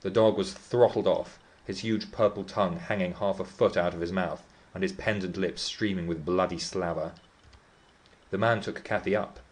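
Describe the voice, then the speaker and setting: A man's voice: low-pitched, steady tone, moderate pace, close to an everyday voice. A man reading the part of Heathcliff, a brooding, defiant teenage boy, telling his tale with scorn and vehemence. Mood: scornful.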